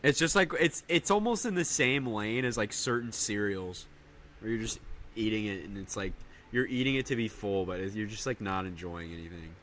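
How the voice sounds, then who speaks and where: A young man streaming casually, rambling in slang and breaking into loud high yells. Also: normal speed, slight background noise. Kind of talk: casual live-stream chat.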